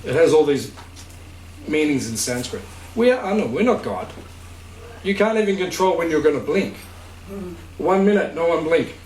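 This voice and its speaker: A slightly high, expressive male voice with a darkish tone speaks at normal speed, pausing often. He's a spiritual teacher giving a relaxed talk to a group, quick to laugh and asking questions to make sure he's understood. Captured in an echoey space with a distant mic and faint hiss.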